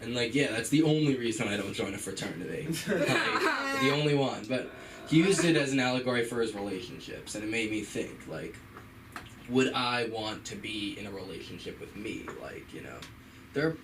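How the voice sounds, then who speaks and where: A man's voice: medium pitch, expressive, moderate pace, noisy background. A young man doing a stand-up set, rambling and self-deprecating, with lots of filler words. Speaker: stand-up comic. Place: small comedy club. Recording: open mic from far off, crowd.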